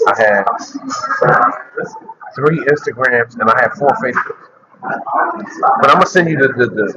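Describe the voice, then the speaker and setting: A man chatting casually as a content creator, rambling loosely and repeating his words, outdoors on a city street through an earphone mic. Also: medium pitch. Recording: dull lo-fi sound with loud street noise.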